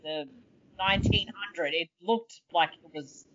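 A woman's voice: fairly low pitch, unhurried, a bit bright, slight background noise. A woman chatting casually and animatedly, swearing freely and acting out scenes in exaggerated voices. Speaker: podcast co-host. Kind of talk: casual chat. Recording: dull lo-fi sound.

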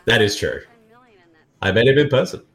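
A man's voice: mid-range voice, animated, fairly bright tone. A man co-hosting a movie podcast, chatting casually with wry jokes and frequent chuckles. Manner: chuckling, wry, quick to laugh. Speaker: podcast co-host. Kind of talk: casual movie commentary chat.

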